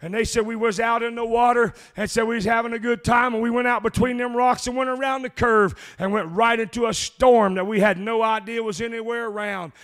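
A man preaching a sermon, telling a long story and then shouting in a rhythmic chant with "uh" before each phrase. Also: very high-pitched, steady tone, fairly quick, hardly any pauses, clear, resonant tone.

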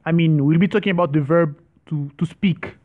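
A man giving an online French lesson, speaking slowly and repeating each word, with some hesitant restarts. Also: a little high, phone-quality sound. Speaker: French teacher.

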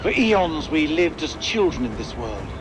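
A grave narrator speaking of old evil in formal, foreboding phrases. It plays as horror game narration over a loud score. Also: male voice, a little high, very animated, measured pace, music in the background, poor audio. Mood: ominous. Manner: solemn, ominous, formal wording.

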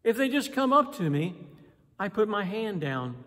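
A man preaching a sermon in an animated way, acting out voices and pausing for emphasis. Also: high-pitched. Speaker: pastor. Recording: long hall reverb.

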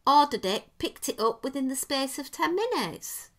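A woman with an English accent, co-hosting a podcast and telling a travel story in lively, casual talk. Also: high voice, moderate pace. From England. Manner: animated storyteller, acts out quoted dialogue. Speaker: podcast co-host.

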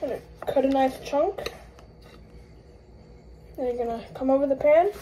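A woman's voice: high voice, a little slow, mellow, slight background noise, rough recording. A woman with the hiccups giving a rambling, chatty cooking tutorial in a home kitchen. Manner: rambling, chatty, self-correcting. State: has the hiccups. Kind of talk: casual cooking tutorial chat.

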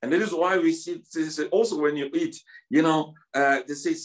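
Casting: South African male pastor, 50s, high-pitched, emphatic church sermon with stammered repeats. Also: fairly even intonation, moderate pace. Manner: repetitive, emphatic preaching with stammered restarts.

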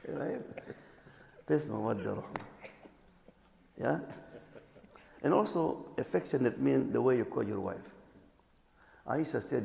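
A man preaching as an imam, animated, acting out little dialogues and checking in with his listeners. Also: medium pitch, moderate pace, gravelly, pauses often, slight background noise. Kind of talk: sermon. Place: community hall or mosque. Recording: echoey hall.

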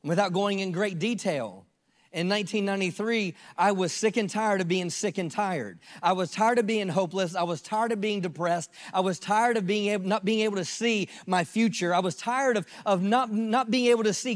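A man in his fifties preaches his testimony from the pulpit with a high voice. He builds passion through repetition, rising loud and then dropping to a hush. His words trail off into a long church reverb. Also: normal speed. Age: 50s. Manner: impassioned, repetitive preaching that swings between loud and hushed. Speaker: pastor. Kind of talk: sermon testimony.

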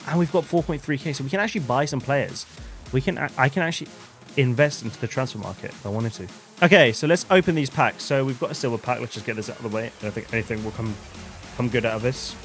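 A young man commentating on his own video game as a streamer, with bursts of shouting hype and quiet muttered asides. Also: medium pitch. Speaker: gaming streamer.

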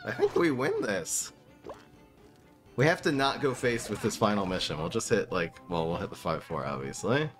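A man streaming a card game live, commenting excitedly with frequent laughs and joking at his own mistakes while talking to his chat. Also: on the low side, normal speed, soft background music. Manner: excitable, laughing, self-mocking, talks to chat.

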